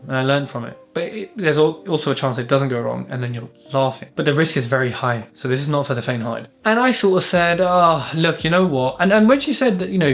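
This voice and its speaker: A man from the UK, a business mentor, telling a deal story to camera in a blunt, sweary, animated way. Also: on the high side. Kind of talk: casual monologue to camera.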